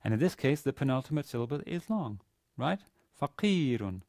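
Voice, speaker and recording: A man giving a university grammar lecture, pausing often with fillers and restarting his sentences. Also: medium pitch, lively intonation, vocal fry, a little mellow, no echo, clean studio sound. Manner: hesitant, many fillers and restarts. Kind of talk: classroom lecture. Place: university classroom.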